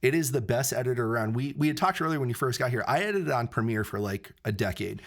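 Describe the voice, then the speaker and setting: A man hosting a podcast, chatting casually and eagerly about editing software. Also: medium pitch, lively intonation. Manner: enthusiastic, talks fast and insistent. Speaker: podcast host. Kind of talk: casual chat.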